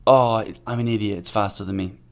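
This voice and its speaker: A man's voice: fairly low pitch, steady tone, quick pace, creaky. A man talks through his own live match as he plays, weighing each move aloud. He repeats lines to himself and scolds himself sharply when a move goes wrong. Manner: self-critical, thinking aloud, repeats himself. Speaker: gaming channel host. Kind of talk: live play-by-play commentary of a game.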